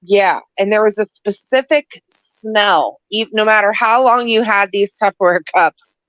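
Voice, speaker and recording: A woman's voice: medium pitch, measured pace, fairly bright tone, no echo, low-quality recording. A woman co-hosting a casual livestream chat, rambling with lots of "like".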